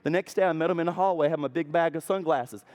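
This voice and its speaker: Male keynote teacher, high voice, lively storyteller who acts out every quote. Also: quick pace. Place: conference stage.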